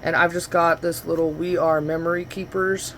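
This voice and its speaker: Recorded on her camera's built-in microphone with a little hiss or hum, a woman vlogger talks through a crafting demo in her home studio. Her voice is on the low side, level in tone and moderate in pace, and she rambles and corrects herself as she goes.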